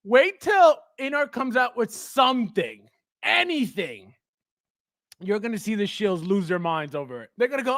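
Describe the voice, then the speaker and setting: A man hosting a casual livestream, reading viewer comments and talking straight to his chat, excitable and quick to laugh. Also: high voice, no echo, studio quality. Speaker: livestream host and toy collector.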